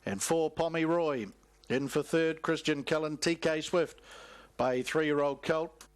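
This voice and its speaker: A man calling a live harness race, listing runners in a rhythmic commentary. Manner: rapid rhythmic race calling, rising in pitch at the finish. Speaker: race caller.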